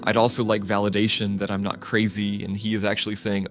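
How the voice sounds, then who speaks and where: A man reading first-person stories aloud as scripted narration, in a steady, flat reading manner. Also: lowish voice, fast talker. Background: music.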